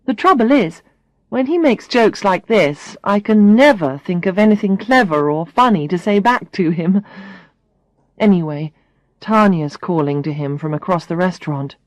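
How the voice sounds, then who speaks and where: A woman reading a first-person story aloud for English learners, clearly and expressively. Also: medium pitch, lively intonation, normal speed, no room sound. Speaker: audiobook reader.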